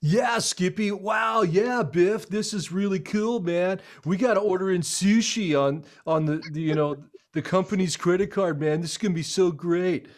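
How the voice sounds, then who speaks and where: A man's voice: high-pitched, normal speed, few pauses, voice pushed up, close to an everyday voice. A man voicing brash young ad-agency men, overexcited and goofy. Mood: gloating.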